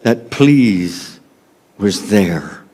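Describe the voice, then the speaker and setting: Southern US male pastor, slow dramatic sermon delivery, emphatic then hushed. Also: expressive. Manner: dramatic, swings from loud emphasis to hushed low tones.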